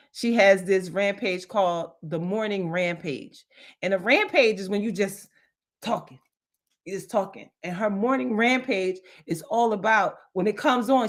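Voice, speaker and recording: A middle-aged woman hosting a motivational livestream, emphatic and repeating her phrases for effect. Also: medium pitch. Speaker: livestream host.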